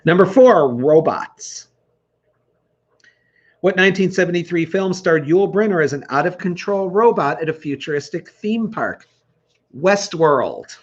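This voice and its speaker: A man's voice: sits high, lively intonation, unhurried, muffled recording. A middle-aged man hosting an online trivia night, reading questions and answers with dry teasing humor. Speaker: trivia host. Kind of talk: reading quiz questions and answers, joking banter.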